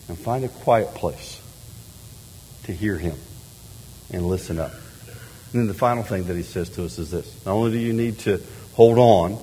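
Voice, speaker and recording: A husky-voiced middle-aged man preaches in a church sanctuary, his words trailing off into a long hall reverb. His delivery is animated, dropping quiet and then rising to loud, emphatic lines. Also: mid-range voice. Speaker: pastor. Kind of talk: sermon.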